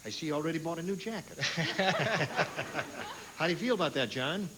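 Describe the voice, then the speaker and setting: Animated, jokey game show host man. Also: fairly high pitch, normal speed. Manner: jokey, animated, laughs often. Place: TV studio stage with audience. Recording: noisy old TV broadcast.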